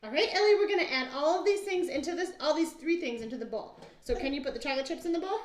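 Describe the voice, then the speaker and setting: A woman's voice: high-pitched, quick pace. A woman in her thirties patiently teaching a young child in a home cooking demo, asking simple questions. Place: home kitchen. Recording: echoey room, faint noise.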